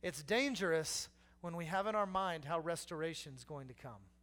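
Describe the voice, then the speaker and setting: A man's voice: fairly high pitch, moderate pace, a bit bright. A man, preaching a sermon with humor, repeating key lines and acting out people in the story. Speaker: pastor.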